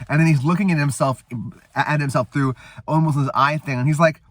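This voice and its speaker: A man's voice: fairly high pitch, fairly even intonation, brisk, fairly bright tone, no echo. A man hosting a casual show, recapping a movie in a rambling way with fillers and swearing. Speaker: host.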